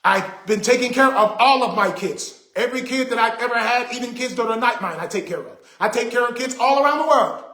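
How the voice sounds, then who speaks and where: A man's voice: very high-pitched, fairly quick, pushed and bright, reverberant. A man hosting a casual livestream, talking to viewers in an emphatic, repetitive, indignant way. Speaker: livestream host.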